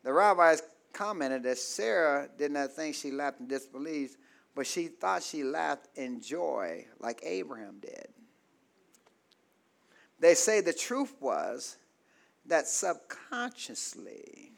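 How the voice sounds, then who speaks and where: A man a sermon, calling for amens and swinging between shouted peaks and soft low asides. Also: big pitch swings, takes it slowly, creaky. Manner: call-and-response preaching, asks congregation for amens. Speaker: preacher.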